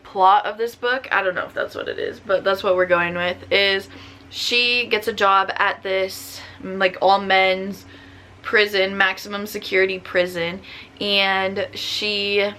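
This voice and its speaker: A woman's voice: medium pitch, sharp tone. A young woman vlogging casual book reviews, chatty and gushing, with lots of filler words.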